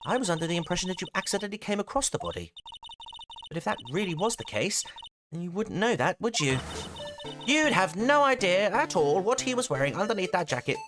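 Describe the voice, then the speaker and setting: A man's voice: high voice, sing-song, fairly quick, music in the background, pitched above the performer's own voice. A man reading aloud the lines of a composed woman defence lawyer in a video game. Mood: pointed.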